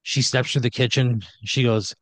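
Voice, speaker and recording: A man's voice: mid-range voice, fairly even intonation, moderate pace, no echo. A man improvising a comedic horror story for a player, talking casually, ramblingly and with profanity. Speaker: storyteller running the game.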